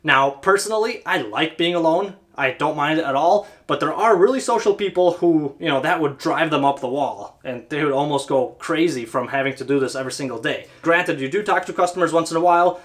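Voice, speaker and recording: Easygoing man with a fairly high voice. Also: a little fast, hardly any pauses, a bit bright. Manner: conversational, frequent "you know". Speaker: HVAC service technician. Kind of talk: casual talk to camera.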